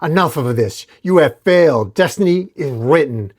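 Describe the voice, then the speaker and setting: A man voicing a brutal, commanding male cult leader in a comic read-aloud, with booming shouted declarations. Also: slow. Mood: enraged.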